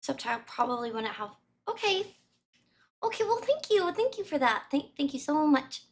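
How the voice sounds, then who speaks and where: Giggly high-voiced woman streamer. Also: moderate pace. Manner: animated, giggly, rambling. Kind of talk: casual reaction commentary.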